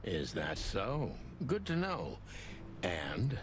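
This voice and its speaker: An actor playing a wisecracking, streetwise rooster detective in a game. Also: male voice, low voice, wildly swooping pitch, extremely slow, noisy background, full character voice. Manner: streetwise, wry, calls people pal and big guy. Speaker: game character.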